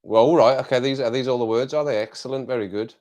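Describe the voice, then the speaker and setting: A man's voice: mid-range voice, fast, a little mellow. A man hosting a casual live chat, playful and chuckling often as he tries out phrases. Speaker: livestream host.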